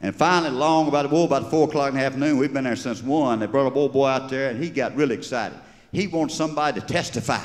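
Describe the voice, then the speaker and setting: A man's voice: mid-range voice, fast talker. Folksy Georgia-accented storyteller man. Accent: Southern US, Georgia. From Georgia, USA. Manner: folksy, rambling down-home storytelling. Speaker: stand-up humorist. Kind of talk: live stand-up storytelling. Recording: live stage recording with long reverb.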